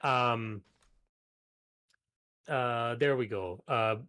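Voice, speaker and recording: A man's voice: medium pitch, drawn-out words, bright, forceful tone, clear, resonant tone. A man playing a card game as a podcast guest, rambling and joking in a put-on mock foreign accent. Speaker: guest player. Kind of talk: casual tabletop game play on a podcast.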